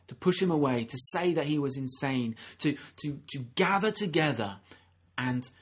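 A man's voice: a little high, expressive, normal speed, breathy edge. A man preaching a sermon in an earnest, conversational way, often restarting his sentences and acting out the people he quotes. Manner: earnest, acts out quoted speakers, frequent restarts.

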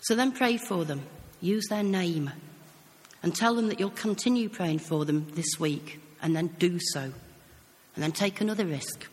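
A British-accented preacher delivers an earnest sermon, spinning stories in a chatty, conversational way. His mid-range voice moves unhurriedly, and the recording carries a long hall reverb.

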